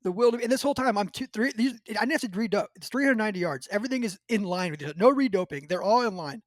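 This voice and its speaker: A male podcast host telling a hunting story in casual chat, animated and acting out what people said, often laughing. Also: sits high, rapid-fire, dry recording.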